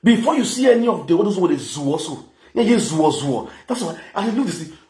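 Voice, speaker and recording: A man's voice: sits high, sing-song, brisk, darkish tone. A man with a Nigerian accent giving an angry, scolding rant as a vlogger. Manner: scolding, insulting, heated rant. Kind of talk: angry ranting commentary. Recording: echoey room, faint background noise.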